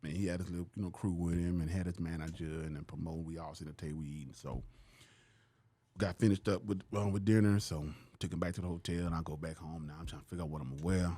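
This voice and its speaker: A guest comedian from Louisiana, low-pitched and quick with a breathy edge, tells lively podcast stories in loose slang. He performs the people he quotes, heard in a dry recording.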